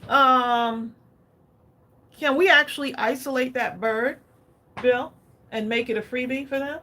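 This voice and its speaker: A woman's voice: high voice, fairly even intonation, a little slow, pushed and bright. Picture a woman running a crafting livestream, chatting as she works. She keeps turning to her viewers for their opinions in a loose, easygoing flow. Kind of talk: casual livestream chat while crafting.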